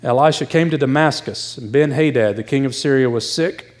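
A man's voice: medium pitch, a little fast. A middle-aged man preaching a sermon, out of breath, talking in a conversational and emphatic way and acting out the people in the story. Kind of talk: expository sermon.

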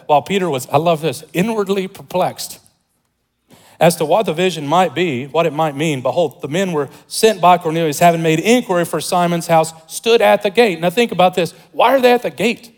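A male pastor with a slightly higher voice delivers an excited, joking sermon. He swings between loud, emphatic lines and quiet asides. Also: normal speed, poor audio. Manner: humorous, conversational preaching with jokes and asides.

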